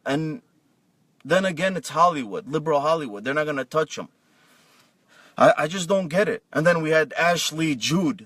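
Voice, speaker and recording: A man ranting aggressively about politics, tripping over his words and restarting often. His voice sits a little high. The recording is dry and picked up from some distance off the mic. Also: dry recording. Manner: aggressive, shouting, stumbling restarts. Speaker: political vlogger. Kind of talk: angry political rant.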